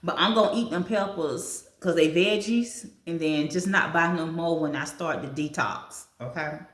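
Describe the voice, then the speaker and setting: Speaking at a moderate pace in a voice that sits low, a woman vlogs over breakfast. She chats casually, reading a food list aloud and commenting on it while talking with her mouth full, and the room around her is echoey.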